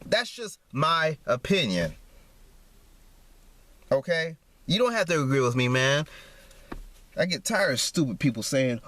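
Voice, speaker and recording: Ranting man, higher voice, dry sound. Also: sing-song, unhurried, a bit bright, no echo. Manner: repetitive, heated, keeps adding "man". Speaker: vlogger. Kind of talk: ranting monologue to camera.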